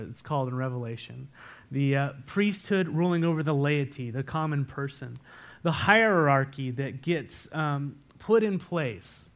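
A pastor preaching a sermon, earnest and repeating key words for emphasis. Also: male voice, on the high side. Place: church sanctuary.

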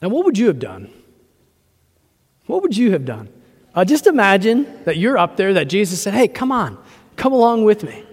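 A man's voice: high-pitched, wildly swooping pitch, normal speed, pauses often. A man preaching a sermon as pastor, earnest and repetitive, with fillers and restarts. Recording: long church reverb.

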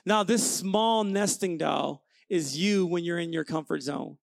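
A young adult man preaching an energetic sermon, telling stories with playful asides. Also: sits high, measured pace, gravelly, dry recording, clean studio sound. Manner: animated storytelling with playful asides. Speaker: pastor.

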